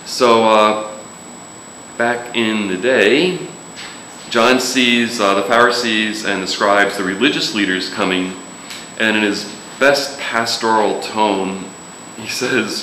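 A man's voice: fairly low pitch, slow pace, pushed and bright, a little hiss or hum. A man preaching a sermon in a casual, joking way, with sudden emphatic rises. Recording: echoey room with faint ambience.

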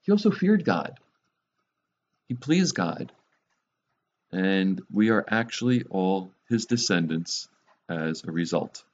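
A man gives a relaxed, conversational sermon, teaching from scripture and tossing in wry, joking asides. His voice sits on the low side. The recording sounds dull and lo-fi. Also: slow pace, pauses often. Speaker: preacher.

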